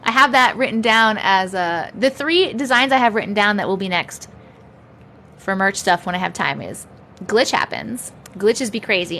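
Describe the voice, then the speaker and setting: Live-stream host, woman in her 30s: animated, high voice, giggly, faint background noise. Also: normal speed. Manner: laughs often, chatty and upbeat. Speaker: livestream host. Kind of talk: casual live-stream chat.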